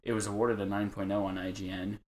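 A man's voice: lowish voice, level tone, quick pace, darkish tone, slight background noise. A man co-hosting a podcast, casually running through gaming news with profanity and easy banter. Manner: profane, laughing, reads out news items. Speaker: podcast co-host.

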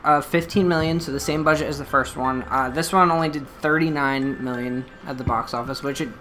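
Bright-voiced man reviewing horror films. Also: fairly high pitch, fairly quick, soft background music. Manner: animated, swearing, many fillers. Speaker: podcast co-host. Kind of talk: casual movie review chat.

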